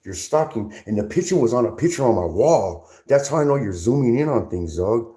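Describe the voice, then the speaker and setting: A man's voice: medium pitch, lively intonation, fairly quick, mellow. A middle-aged man on a livestream, confrontational and heated, stammering through restarts and saying "dog" after nearly every sentence. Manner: confrontational, repeats "dog" constantly; stammering restarts when worked up.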